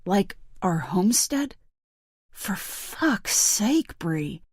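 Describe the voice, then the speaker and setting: A woman voicing a cold, scornful young husband, crisp and dismissive as he drinks whiskey. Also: mid-range voice, very animated, very slow, a little mellow, no echo, clean studio sound, full character voice.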